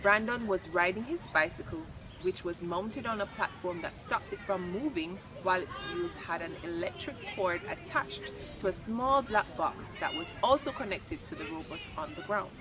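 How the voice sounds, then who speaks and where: A woman reading a children's chapter book aloud, lively and expressive. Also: lowish voice, moderate pace, few pauses, noisy background. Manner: expressive, lifts voice for quoted lines. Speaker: storybook reader. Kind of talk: read-aloud children's story narration.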